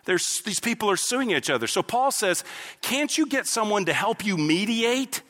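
A man preaching a sermon as pastor, animated and explaining scripture with acted-out asides. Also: high-pitched, moderate pace, long reverb tail.

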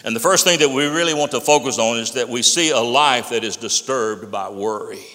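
A man preaching a sermon as pastor, telling stories and quoting with emphatic rises, then dropping low and quiet for solemn points. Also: brisk. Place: church sanctuary. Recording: echoey sanctuary with long reverb.

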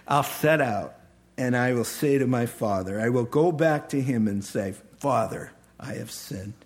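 A repentant young son , put on by a preacher pleads in a slow, lowered voice and calls himself a fool. He sounds humble and self-reproaching. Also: lightly acted. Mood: remorseful.

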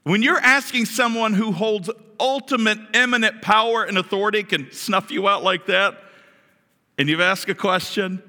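Male pastor, bright, conversational sermon, reverberant church hall. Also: sits high, moderate pace. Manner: animated, conversational, asks the congregation questions.

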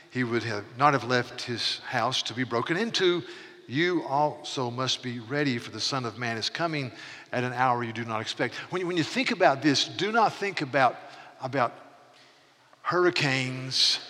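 A man's voice: mid-range voice, bright, forceful tone. A man in his sixties preaching a sermon as pastor, earnest and emphatic, often repeating words as he restarts a thought. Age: 60s. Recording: long reverb of a large hall.

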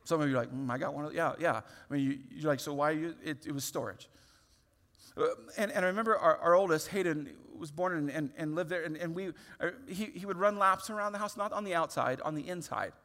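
A man in his thirties preaching a sermon, telling a personal story in a lively, open way with many restarts. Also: on the high side, brisk. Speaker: pastor. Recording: long hall reverb.

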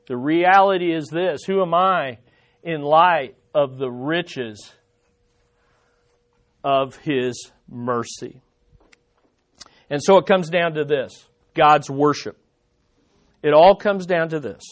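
A male preacher delivers a sermon in a fairly high voice. He presses his points hard and circles back to the same rhetorical questions again and again. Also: slow, pauses often. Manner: emphatic, repeating rhetorical questions.

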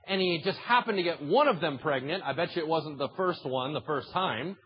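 Male pastor, lively pitch, sermon delivery, slightly dull lo-fi recording with faint room ambience. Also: slight background noise. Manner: animated, acts out dialogue between God and people.

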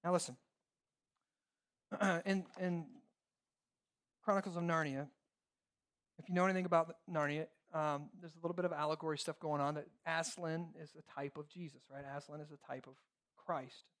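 Male pastor, lively sermon voice, dramatizes scripture quotes. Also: a little high, normal speed, long pauses. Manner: animated preaching, acts out quoted voices, rhetorical "right?".

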